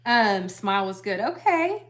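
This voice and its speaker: A woman on a casual livestream, chatting with her husband and reading viewer comments aloud, rambling and relaxed. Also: mid-range voice, a little slow. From United States. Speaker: livestream co-host.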